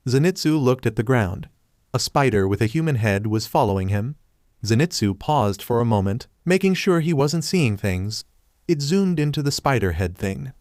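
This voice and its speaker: A man reading fan fiction aloud in an even, plain storytelling manner. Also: mid-range voice, no room sound, clean studio sound. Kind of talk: scripted story narration.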